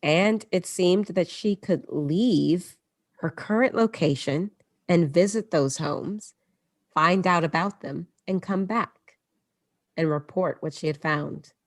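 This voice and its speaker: A woman's voice: on the low side, takes it slowly, no echo, clean studio sound. A woman hosting a podcast and telling a story casually, moving between read passages and chatty asides. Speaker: podcast host.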